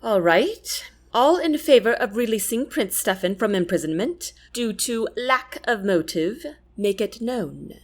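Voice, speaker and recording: A woman's voice: mid-range voice, lively intonation, a little slow. A woman voicing a commanding young queen who speaks in formal, regal phrases.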